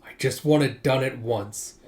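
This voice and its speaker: Cold villain boss giving orders , a guy reading it out, mellow voice. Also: mid-range voice, normal speed, lightly acted. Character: cold scheming male merchant villain.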